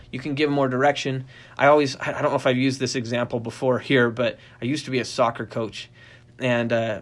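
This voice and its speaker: Middle-aged man, dog trainer, casual instructional talk, animated, rambling restarts, mid-pitched voice. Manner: animated storyteller, acts out quoted voices in a high pitch; rambling with frequent restarts and fillers.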